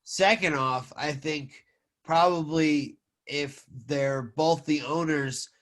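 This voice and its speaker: A man's voice: fairly high pitch, fairly even intonation, slow, a bit bright. A man who raps, a podcast guest in casual chat, making blunt, joking interjections. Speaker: rapper guest.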